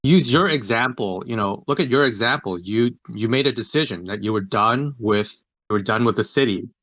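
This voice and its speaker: Brief: lowish, tense, bright-edged male voice, casual, dry dull mic. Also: moderate pace, no echo. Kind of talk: casual podcast discussion.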